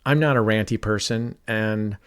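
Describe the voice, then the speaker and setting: A man's voice: lowish voice, moderate pace, clean tone. A middle-aged man streaming online roulette, talking casually and at length while he plays. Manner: talkative, rambling, self-described mellow.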